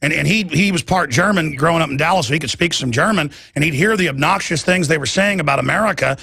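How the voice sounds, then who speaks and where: Gravelly excitable talk radio host. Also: male voice, on the high side, fast, no echo, studio quality. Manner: excitable, stammering restarts.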